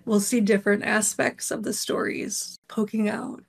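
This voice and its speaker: Woman, author guest, casual chat, gravelly fry, middle pitch, conversational. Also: steady tone, normal speed. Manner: conversational, loosely explains her book series.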